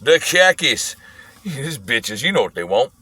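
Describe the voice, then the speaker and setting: A man's voice: mid-range voice, big pitch swings, a little slow, sharp tone, breathy edge, heavily acted. A man voicing a rowdy old one-eyed man who rants profanely on a bus, growling and preachy. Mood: scornful.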